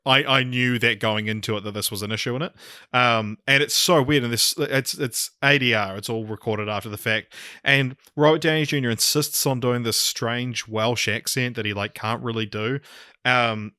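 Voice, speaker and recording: A man's voice: mid-range voice, fairly even intonation, normal speed, pushed and bright, clear, resonant tone, no echo, clean studio sound. A man co-hosting a casual film review podcast, rambling with lots of fillers and laughing at his own points. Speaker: podcast co-host.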